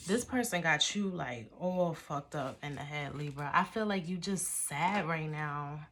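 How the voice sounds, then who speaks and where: A tarot reader with a low, slightly bright voice gives a casual reading over a little hiss or hum. She's slangy and profane, calls the listener baby, and draws out the sign names in a chanting way.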